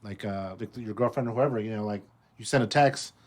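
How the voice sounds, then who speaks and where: A man on a casual talk show, talking quickly and leaning on fillers. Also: fairly low pitch, a little mellow. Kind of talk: casual chat.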